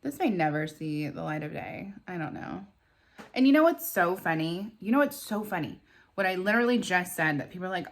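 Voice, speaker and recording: A woman's voice: on the low side, lively intonation, brisk. A woman and mother talking in a rambling, emotional, confessional way to her vlog audience. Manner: rambling, emotional self-talk. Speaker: vlogger and mother.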